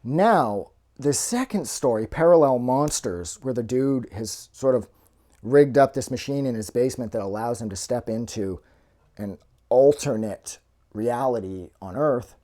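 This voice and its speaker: A man's voice: mid-range voice, lively intonation, unhurried, mellow. Rambling, foul-mouthed man reviewing movies. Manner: rambling and heavily profane; loose, with many fillers and trailing restarts. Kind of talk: casual spoken movie review.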